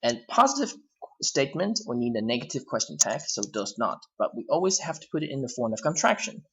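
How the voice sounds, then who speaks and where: A man's voice: mid-range voice, big pitch swings, a little fast, creaky, fairly bright tone, muffled recording. A man with a Hong Kong accent teaching an English grammar lesson, explaining step by step and rewording himself often.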